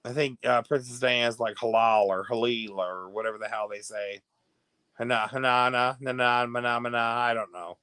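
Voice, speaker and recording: An American man hosting a casual livestream, gossiping and reacting to viewer comments, laughing often and swinging between hushed asides and loud bursts. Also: medium pitch, fairly even intonation, normal speed, smooth, no echo. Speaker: livestream host.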